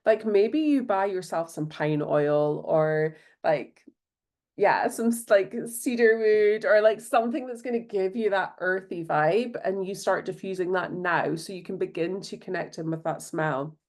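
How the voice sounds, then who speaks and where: A woman's voice: medium pitch, a little slow, darkish tone. Scottish woman, solo podcast host, casual and bubbly, filler-heavy delivery. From Scotland. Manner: bubbly, chatty, lots of fillers.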